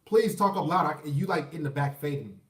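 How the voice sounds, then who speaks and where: A man's voice: fairly high pitch, lively intonation, a little fast, fairly bright tone, distant mic. A man in his thirties hosting a casual call-in live stream, blunt and profane as he urges callers to talk. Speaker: call-in show host. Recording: echoey room, off-mic.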